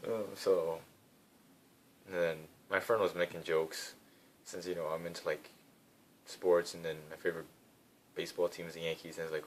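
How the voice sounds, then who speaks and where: A young man with a deep, low voice recaps his days in a loose, rambling way, full of "like" and "you know". He talks into a phone mic, with a faint rumbling hiss underneath. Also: little pitch movement, normal speed, pauses often. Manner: rambling, filler-heavy storytelling. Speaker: vlogger. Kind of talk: casual chat.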